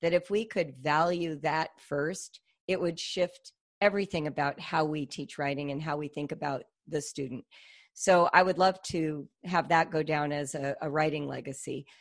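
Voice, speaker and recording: A woman's voice: sits low, steady tone, moderate pace. A middle-aged woman, a guest author on a podcast, speaking thoughtfully and telling stories expressively. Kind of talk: podcast interview.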